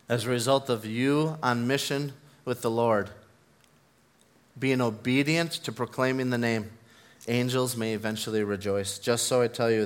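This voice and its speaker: A man preaching a sermon, earnest and building to fervent emphasis, mixing in personal stories. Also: medium pitch. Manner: tells personal stories with self-deprecating laughs.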